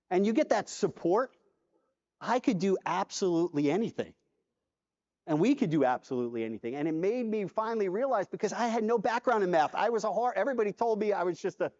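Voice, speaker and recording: A man giving a conference keynote talk, telling a personal story in an animated way and acting out the dialogue. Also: high voice. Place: large convention hall. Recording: dull hall reverb from a conference stage.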